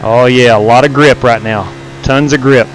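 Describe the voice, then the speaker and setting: A man's voice: medium pitch, steady tone, moderate pace, a little hiss or hum. A man streaming a sim race live, chatting casually and greeting viewers by name as he drives. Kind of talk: live stream commentary while racing.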